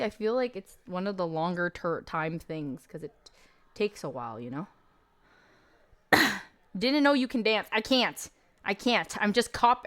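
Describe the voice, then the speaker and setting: A woman's voice: mid-range voice, a bit bright. A woman streamer chatting casually with her viewers, a bit out of breath, chatty and self-deprecating.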